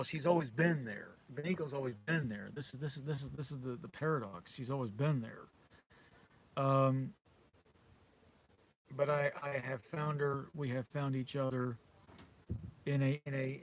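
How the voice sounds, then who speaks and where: A middle-aged British man giving a rambling, conspiratorial monologue to camera, repeating himself and chuckling often. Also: mid-range voice. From Britain. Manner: conspiratorial, repetitive, with frequent chuckles. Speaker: vlogger.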